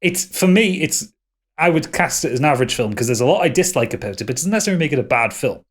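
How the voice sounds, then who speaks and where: A man's voice: fairly high pitch, lively intonation, racing. A man co-hosting a podcast, ranting and swearing as he critiques a film. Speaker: podcast co-host. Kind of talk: casual podcast chat.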